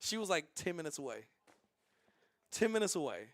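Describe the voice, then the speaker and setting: A man streaming and telling stories in a casual, rambling, animated way, with many restarts. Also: on the high side, brisk, no room sound. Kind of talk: casual livestream storytelling.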